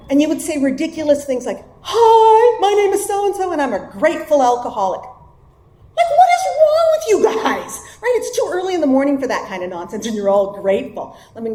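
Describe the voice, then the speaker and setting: A woman's voice: a little high, a little mellow, roomy sound, a little hiss or hum. A woman sharing her recovery story at a meeting, in a wry, conversational way, often checking in with her listeners. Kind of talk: personal testimony at a recovery meeting.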